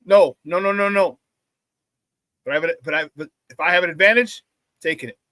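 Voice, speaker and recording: A man hosting a live morning sports talk show, loud and playful, hyping up his audience with shout-outs. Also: sits high, fairly quick, dry recording.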